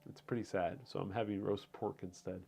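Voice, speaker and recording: A man's voice: sits low, steady tone, fairly quick, vocal fry, a little mellow, soft background music. A man hosting a live stream from home, chatting casually and answering viewer comments in a rambling way, with frequent fillers and restarts. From Puerto Rico.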